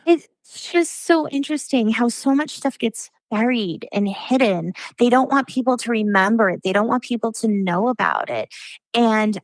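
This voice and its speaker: A woman speaking as a podcast guest, a little higher in pitch than most. She talks earnestly and thinks out loud, filling her sentences with "like". The sound is dry and close to the mic. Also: moderate pace, no echo, poor audio. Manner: earnest, thoughtful, many fillers like "like". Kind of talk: casual chat.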